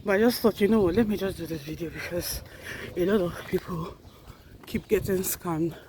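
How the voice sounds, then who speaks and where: A woman's voice: fairly low pitch, normal speed, background noise. A woman vlogging while walking outdoors, a little out of breath, chatting earnestly and correcting herself as she goes. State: slightly out of breath. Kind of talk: casual walking vlog.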